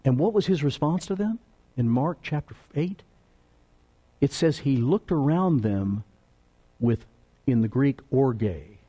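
A man preaching a sermon, swinging between loud emphatic lines and hushed, low asides. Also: lively intonation, slow pace, long pauses, slightly rough. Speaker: pastor.

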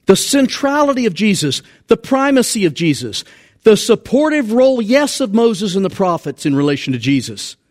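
A man preaching a sermon in an animated, conversational way. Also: high voice, normal speed.

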